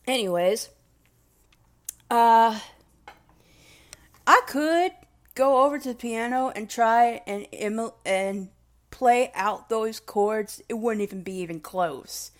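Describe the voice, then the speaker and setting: A woman's voice: fairly high pitch, slow pace, long pauses. A young woman rambling casually and emotionally in a vlog, self-deprecating and swearing freely. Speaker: vlogger.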